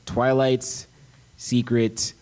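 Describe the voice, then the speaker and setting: Male panelist, mid pitch, rambling casual explainer. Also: little pitch movement, very slow, a little mellow. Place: convention panel room.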